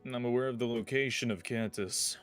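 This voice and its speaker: A man's voice: medium pitch, fairly even intonation, fairly quick, a bit bright, clean tone, soft background music, lightly acted. A player voicing his character, a formal and composed young male scholar of noble birth, in a tabletop game.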